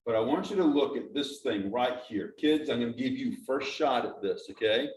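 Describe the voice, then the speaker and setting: A man's voice: mid-range voice, lively intonation, moderate pace, a little mellow, slight background noise. A man giving an informal, conversational talk to a church audience, explaining as he goes and asking the listeners questions. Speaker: church speaker. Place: church sanctuary. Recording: echoey hall from a distance.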